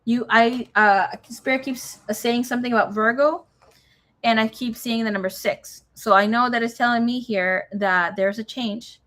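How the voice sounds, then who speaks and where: Young woman doing a chatty tarot reading, kinda high voice, swears a lot, drops spanish words in. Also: fairly even intonation, moderate pace, fairly bright tone. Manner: chatty, swears freely, mixes in Spanish phrases. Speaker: tarot reader. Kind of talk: casual tarot reading to a viewer.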